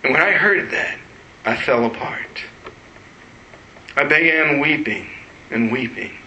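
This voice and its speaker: Male pastor, sermon storyteller, slightly high voice, very bright tone. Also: lively intonation, slow pace, slight background noise. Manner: storytelling with emotional retelling. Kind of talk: sermon testimony. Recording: roomy echo.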